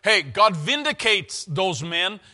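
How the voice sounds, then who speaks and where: A man delivers an evening sermon in a conversational, earnest way, often stumbling and restarting his phrases. His voice sits a little high and sounds bright and forceful. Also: big pitch swings, slow. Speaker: preacher.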